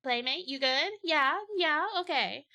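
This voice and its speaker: Bright, playful woman streamer. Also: high-pitched, unhurried. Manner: playful, rambling, silly bits. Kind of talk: casual livestream watch-along chat.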